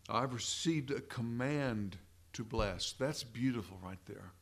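Preaching to his congregation, whom he addresses as brethren, a pastor speaks slowly and deliberately in a gravelly, medium-pitched voice, repeating phrases to drive points home.

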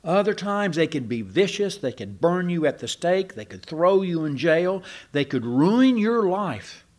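A man's voice: high voice, big pitch swings, a little slow, darkish tone. An older man preaching a sermon, telling church history as stories with asides and restarts.

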